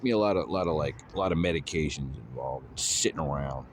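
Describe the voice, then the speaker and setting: Rambling drawling man, lively pitch. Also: quick pace, background noise. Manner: drawling, rambling, lots of fillers like "you know" and "man". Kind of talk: rambling casual monologue.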